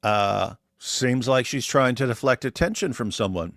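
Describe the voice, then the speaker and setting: A man's voice: medium pitch, moderate pace, no echo. A man co-hosting a livestream, talking casually in a mocking, sarcastic way. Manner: animated, mocking, sarcastic asides. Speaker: co-host.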